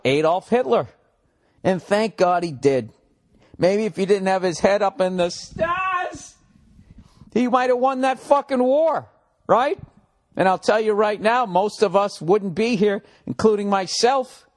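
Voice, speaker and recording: Profane rambling man hosting a podcast. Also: high-pitched. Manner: profane, rambling, sarcastic rants. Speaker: podcast host. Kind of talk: casual solo podcast monologue.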